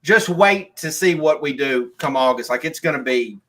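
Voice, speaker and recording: A man's voice: on the high side, expressive, moderate pace, sharp tone. A man hosting a live call-in stream, chatting casually and rambling with lots of restarts.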